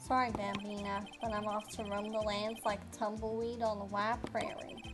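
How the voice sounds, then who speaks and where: A woman's voice: mid-range voice, flat delivery, normal speed, lightly acted. A woman voicing a cowboy security guard in a video game, putting on a country drawl and cowboy slang, with game music behind. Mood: folksy swagger. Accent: put-on American country.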